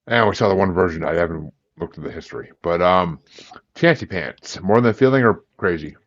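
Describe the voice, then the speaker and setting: A man's voice: low voice, animated, fairly quick, highs cut off. A man hosting a casual podcast chat, rambling and swearing as he jokes around. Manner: rambling and profane, joking around. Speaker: podcast host.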